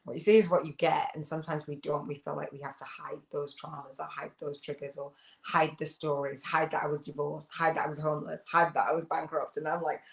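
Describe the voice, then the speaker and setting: A woman's voice: low-pitched, flat delivery, a little fast, vocal fry, echoey room. A woman hosting a casual livestream, rambling and reflective as she reads viewer comments, with many fillers and restarts. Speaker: host of a spiritual business channel.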